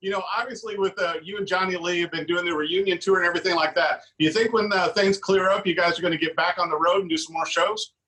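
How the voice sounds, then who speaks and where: A man's voice: sits high, fairly even intonation, fast, few pauses, bright, forceful tone, poor audio. A man hosting an interview, asking chatty questions full of fillers. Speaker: show host.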